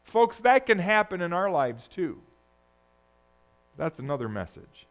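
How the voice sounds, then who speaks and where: A man preaching a sermon, moving between loud, urgent peaks and hushed, low passages. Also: very animated, measured pace. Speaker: pastor.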